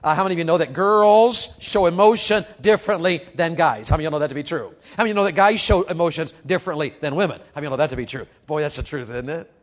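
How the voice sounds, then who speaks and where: A man preaching a youth sermon, animated and calling out questions to the crowd, moving from quiet talk to shouting. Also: on the high side, very fast, few pauses.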